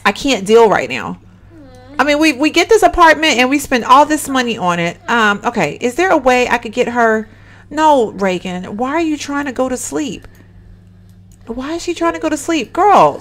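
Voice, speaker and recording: A woman giving animated, exclaiming let's-play commentary and chatting straight to her viewers. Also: a little high. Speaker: gaming channel host.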